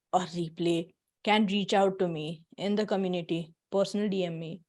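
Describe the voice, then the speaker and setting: A woman's voice: fairly low pitch, a little mellow. A woman hosting an online workshop on a video call, chatting casually and encouragingly, laughing often. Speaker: workshop host. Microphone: computer mic on a video call.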